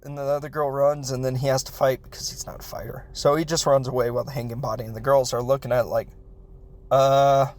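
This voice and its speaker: A man hosting a podcast, recapping a film in a rambling, self-interrupting way and laughing as he talks. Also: on the high side. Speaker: podcast host reviewing a film. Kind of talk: casual comedic film recap.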